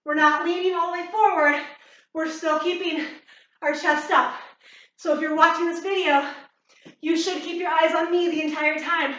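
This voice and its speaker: A woman's voice: very high-pitched, fairly even intonation, moderate pace, long pauses, a bit bright, very echoey, distant mic, dull audio, slight background noise. A woman fitness instructor leading a workout, cueing moves while exercising and getting out of breath.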